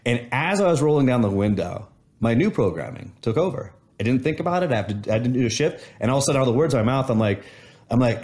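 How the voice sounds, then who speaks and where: A man's voice: mid-range voice, lively intonation, racing, a little mellow. A man in casual conversation, reflecting on gratitude and telling a story with many restarts.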